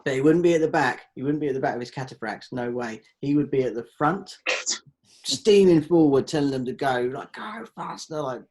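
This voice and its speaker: A man in casual conversation, relaxed and jokey, with a middle-range voice. He leads the talk and laughs easily. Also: medium pitch, a little fast, rough recording. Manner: laid-back banter, laughs often. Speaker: podcast host. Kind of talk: casual chat.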